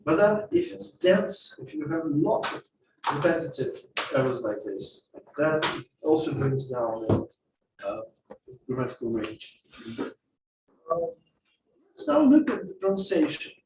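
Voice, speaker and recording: A man with a slightly high voice teaches a masterclass on speaking skills in a classroom or lecture hall, speaking unhurriedly. He explains in a lively way and acts out examples for the class. He sits far from the mic, so the sound is roomy, with background noise.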